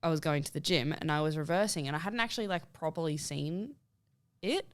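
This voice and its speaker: A woman's voice: low voice, a little fast. A young woman, co-hosting a podcast and chatting casually, laughing often and saying "like" a lot. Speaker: podcast co-host. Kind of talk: casual chat. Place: podcast studio.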